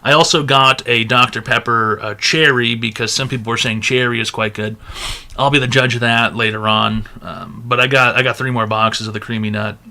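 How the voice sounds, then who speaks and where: A man with a very bright, forceful voice hosts a casual online advice stream. His pitch sits in a middling range, and he talks bluntly with crude jokes. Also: fairly even intonation, moderate pace. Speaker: advice show host. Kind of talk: casual livestream chat.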